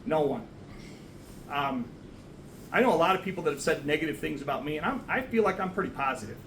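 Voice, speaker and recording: Guy giving a eulogy for his mom in a church, rambly and joking at himself, kinda high voice, echoey and far off. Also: animated, fast talker, a bit bright, a little hiss or hum. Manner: rambling, self-deprecating, with laughs. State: getting emotional. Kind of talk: memorial speech. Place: church sanctuary.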